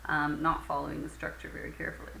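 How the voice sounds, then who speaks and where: Woman teacher, bright voice, patient, lots of fillers, echoey room with faint hum. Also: sits low, completely flat delivery, fast talker, creaky. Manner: patient, many fillers, acts out example phrases. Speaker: English teacher. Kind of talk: recorded lecture.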